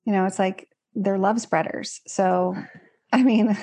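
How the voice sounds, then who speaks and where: A woman's voice: mid-range voice, fairly even intonation, takes it slowly, dark tone, husky. A woman speaking as a podcast guest about her own work, earnest and reflective, loosely rambling. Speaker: guest, card deck creator. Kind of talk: casual interview chat.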